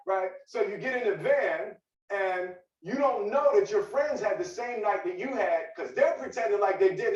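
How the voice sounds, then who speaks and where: A man telling a long personal story to a meeting, lively and repetitive, asking "right?" a lot. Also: high-pitched, moderate pace, a little hiss or hum. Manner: animated, repetitive, asks "right?" often. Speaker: guest speaker. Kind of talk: storytelling talk. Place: office meeting room. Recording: echoey, distant, dull room recording.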